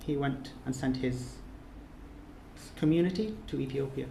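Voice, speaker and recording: A man's voice: medium pitch, measured pace, vocal fry, mellow, roomy sound, slight background noise. A man leading a course, giving an emotional thank-you speech, earnest and repetitive, his phrases rising to emphatic peaks. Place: reception room of an official residence.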